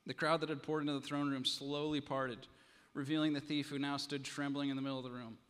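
A pastor in a church, telling a story with drama and then preaching earnestly. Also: male voice, medium pitch, flat delivery, fast, a bit bright, smooth. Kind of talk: sermon. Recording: long hall reverb.

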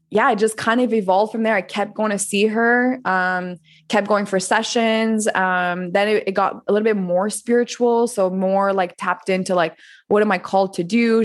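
A woman in her thirties from France, a podcast guest telling her story in a candid, chatty way, filling her talk with "like" and swearing freely. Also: medium pitch. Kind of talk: casual interview storytelling.

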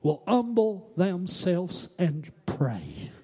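Pastor, high-pitched man; sermon that swings between hushed asides and loud, chanting outbursts. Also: wildly swooping pitch, extremely slow, slightly rough. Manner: swings from quiet asides to shouted, sing-song preaching.

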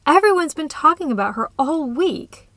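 A woman voicing a friendly, eager young female college student, her lines brighter and higher than the narration. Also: sing-song, moderate pace, no room sound.

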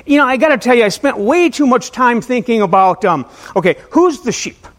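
A man's voice: very high voice, lively intonation, a little fast, fairly bright tone. A male pastor giving a casual, conversational sermon to a small church, often stumbling on and repeating his words. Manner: conversational, self-deprecating, repeats words when starting sentences.

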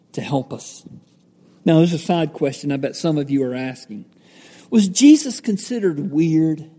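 Mellow-voiced man preaching in an echoey hall. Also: a little high. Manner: conversational, with fillers and self-corrections. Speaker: pastor. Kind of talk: sermon, Bible teaching. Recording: echoey hall with long reverb.

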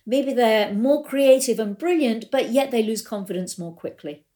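A woman's voice: on the high side, moderate pace, dark tone. A middle-aged woman, a riding coach, explaining ideas in a storytelling way and acting out the exchanges she quotes. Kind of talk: explanatory talk with anecdotes.

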